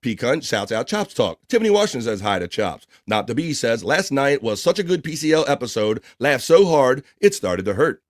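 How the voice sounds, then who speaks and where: A man hosting a casual livestream, quickly reading out viewer names, shout-outs and chat messages. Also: mid-range voice, sing-song, no room sound, clean studio sound. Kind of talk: casual live show chatter.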